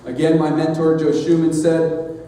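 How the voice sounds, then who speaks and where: A middle-aged man giving a sermon-style address as leader of a society, speaking in a measured, earnest way with emphatic pauses. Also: fairly high pitch, completely flat delivery, mellow, slight background noise. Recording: echoey hall, mic at a distance.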